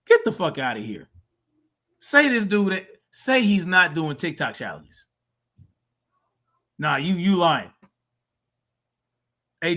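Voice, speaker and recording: A man's voice: a little high, bright, forceful tone. A man hosting a live stream, reacting to clips with blunt, profane, mocking commentary. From family from Mississippi. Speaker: streamer host.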